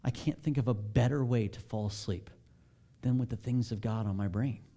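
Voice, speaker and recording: A man's voice: medium pitch, moderate pace, mellow. A man, a pastor with children, giving a candid, self-deprecating, conversational sermon.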